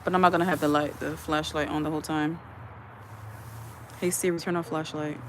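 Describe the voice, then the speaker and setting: Streamer rambling to chat outside on a phone, mid pitch, greeting everyone. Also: little pitch movement, a little fast, slight background noise. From USA. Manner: chatty, rambling, greets viewers one by one. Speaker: livestream host. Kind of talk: casual livestream chat, reading viewer comments aloud. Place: outdoors in the evening, chilly. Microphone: phone camera, speaker behind it.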